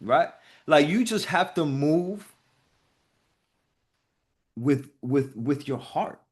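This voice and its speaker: A man's voice: on the high side, animated, extremely slow. A man hosting a group video call, giving casual motivational talk in a profane, emphatic way.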